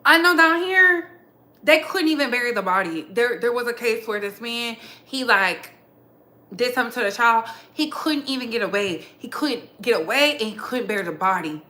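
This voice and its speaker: Animated Southern woman, bright high voice. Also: normal speed. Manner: animated, opinionated, slangy, talks to her audience. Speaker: show host. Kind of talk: casual commentary chat.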